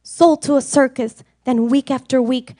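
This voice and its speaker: A woman reading a rhyming storybook aloud with a rhythmic, expressive sing-song delivery. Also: high voice, normal speed, no echo, studio quality. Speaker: reader.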